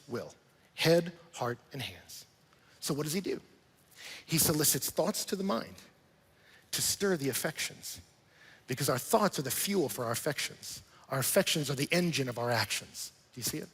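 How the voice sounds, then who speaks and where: A man preaching a sermon to a church congregation, animated and full of rhetorical questions, sometimes acting out little scenes. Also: on the high side, moderate pace, slightly rough, big-room sound. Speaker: pastor.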